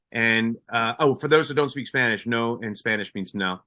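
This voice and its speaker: A man's voice: mid-range voice, moderate pace, hardly any pauses, bright, forceful tone. A retired police sergeant from Colombia, a man, telling a story in a casual interview, with many restarts and fillers.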